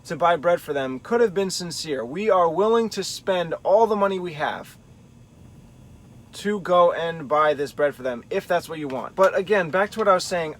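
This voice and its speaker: Guy with a slightly high voice walking thru a bible study, thinking out loud. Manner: thinking aloud, weighing options carefully. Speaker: Bible teacher. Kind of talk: explanatory Bible study talk.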